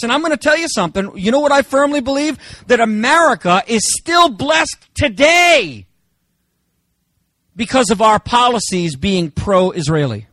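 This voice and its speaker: High-voiced man preaching emphatically. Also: animated, normal speed, pushed and bright, no room sound. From Germany. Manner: emphatic preaching, rhetorical questions to the congregation. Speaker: pastor. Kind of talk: sermon.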